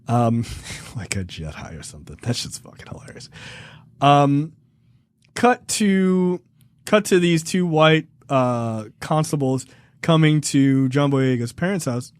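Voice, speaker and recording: A man's voice: medium pitch, big pitch swings, unhurried, clear, resonant tone, no room sound, studio quality. A man co-hosting a film review podcast in loose, profane casual chat, laughing and acting out lines from the show. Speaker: podcast co-host.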